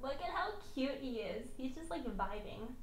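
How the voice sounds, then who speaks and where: A young woman streaming, chatting casually and excitedly with viewers, gushing and giggly with lots of slang. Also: high-pitched, normal speed, a little hiss or hum.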